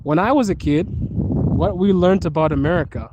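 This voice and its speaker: A man's voice: high-pitched, fairly quick, very noisy. A man chatting casually on a live stream from his phone, laughing often and calling his viewers dude and bro. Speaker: livestream host. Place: outdoors on a snowy street.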